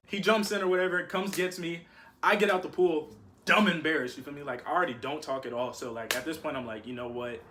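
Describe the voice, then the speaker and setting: A young man telling a story to his viewers in a casual, slangy, animated way. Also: fairly high pitch, fast, crowd noise, noisy background. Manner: slangy, animated, keeps saying "you feel me".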